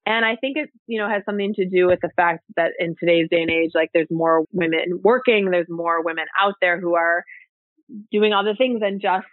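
A woman's voice: fairly low pitch, a little fast, no room sound. Woman podcast guest, chatty storyteller, heavy "like" filler, tinny phone-quality audio, dry. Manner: chatty, fills speech with "like" and "you know". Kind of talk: casual storytelling in an interview.

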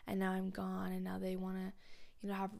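A young woman podcaster talks in a raw, confessional monologue with a gravelly, creaky edge to her voice. She rambles bluntly and swears freely, and her voice often drops to a soft near-whisper. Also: medium pitch, monotone, fairly quick. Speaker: podcast host.

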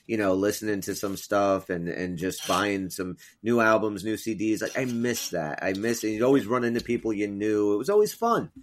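A man hosting a casual sports podcast, easygoing and enthusiastic. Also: low-pitched. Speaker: podcast host.

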